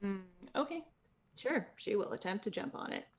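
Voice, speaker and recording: A woman's voice: mid-range voice, big pitch swings, normal speed, creaky, breathy edge. A woman playing a tabletop game who describes her character's actions hesitantly and thinks aloud. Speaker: player. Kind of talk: casual tabletop play.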